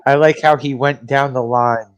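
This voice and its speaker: A man's voice: mid-range voice, steady tone, moderate pace, clean tone, lo-fi sound. Blunt, swearing man riffing on a movie. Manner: blunt, profane, riffing rants. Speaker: podcast co-host. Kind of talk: casual movie discussion.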